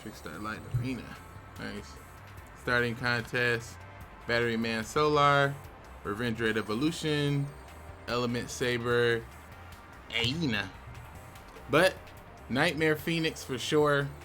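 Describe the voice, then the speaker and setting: A young man with a bright, forceful voice talks slowly and casually as he opens game card packs, drawling his words. Faint music plays quietly behind him. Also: medium pitch. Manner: relaxed, chatty, with sudden excited outbursts. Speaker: YouTube host.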